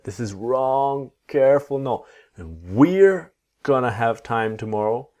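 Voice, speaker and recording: A man teaching English pronunciation, modeling each sound slowly and deliberately for learners to repeat. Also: mid-range voice, expressive, darkish tone. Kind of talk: pronunciation lesson.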